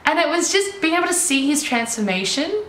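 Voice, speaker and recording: A young woman, a life coach, telling her own story in an animated, enthusiastic way. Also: high voice, fairly quick. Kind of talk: personal storytelling. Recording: roomy echo, faint ambience.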